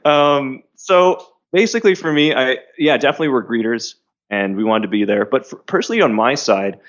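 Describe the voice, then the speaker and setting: A man speaking as a podcast guest, earnest and quick to laugh. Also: mid-range voice, animated, lo-fi sound. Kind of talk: casual interview.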